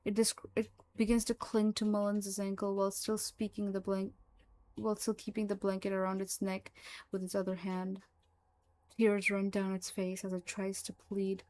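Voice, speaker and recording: A woman narrating a horror story in a slow, hushed, even manner. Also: medium pitch.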